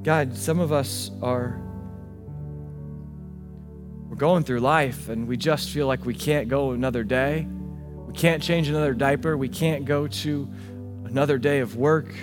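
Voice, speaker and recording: A male pastor preaching a sermon, swinging between hushed, intimate passages and emphatic, rising declarations. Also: medium pitch, measured pace, pauses often. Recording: long hall reverb with faint music.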